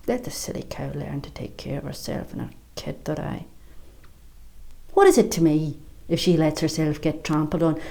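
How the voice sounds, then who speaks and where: Stage monologue: an actress as a hard-edged middle-aged Irish mother, bitter and foul-mouthed, with a lowish voice and a mocking bite. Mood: bitter, grieving. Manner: sharp-tongued, swearing, mocking storytelling.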